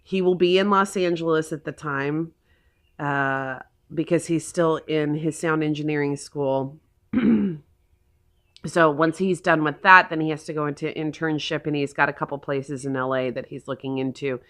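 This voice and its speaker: A woman in her forties from Oklahoma talks straight to her own vlog camera in easy, rambling sentences. Her voice sits a little on the low side, and she gushes with feeling, piling one thought onto the next. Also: fairly even intonation, normal speed, fairly bright tone. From Oklahoma, USA. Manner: gushing, emotional, rambling. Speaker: vlogger. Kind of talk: casual vlog chat.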